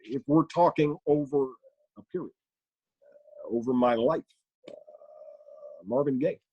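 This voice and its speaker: A man impersonating a measured male politician who stammers, pauses on "uh" and weighs both sides of every answer. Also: medium pitch, breathy edge, dry recording, muffled recording. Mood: deliberate. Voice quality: halting, stammering doubled words and 'uh' pauses.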